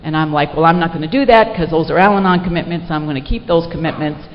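A middle-aged woman sharing a personal story with an audience at a recovery meeting, in an animated, self-mocking way with lots of fillers. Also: sits low, quick pace. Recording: echoey hall, dull lo-fi sound, faint noise.

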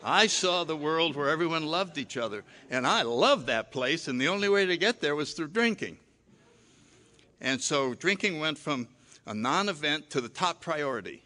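An older man telling a personal story about his drinking, animated and self-mocking, acting out his own past lines. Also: on the high side.

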